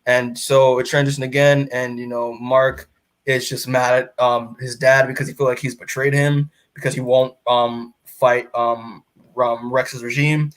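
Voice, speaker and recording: A man's voice: mid-range voice, flat delivery, measured pace. Rambling man recapping a comic. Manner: rambling recap full of fillers and acted-out quotes. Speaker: podcast co-host. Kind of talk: casual comic book review chat.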